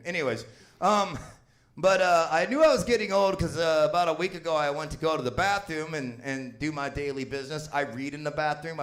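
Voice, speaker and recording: A man's voice: a little high, fairly bright tone. Crude rambling stand-up man in his fifties. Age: 50s. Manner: crude, rambling, swears constantly, laughs at own jokes. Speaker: stand-up comedian. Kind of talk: stand-up comedy set. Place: small comedy venue with live audience.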